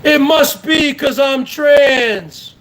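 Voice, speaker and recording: A man putting on the voice of a whining, drunk older streamer who repeats the same complaint in a loud, wailing tone. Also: very high voice, extremely slow, a little hiss or hum, heavily acted.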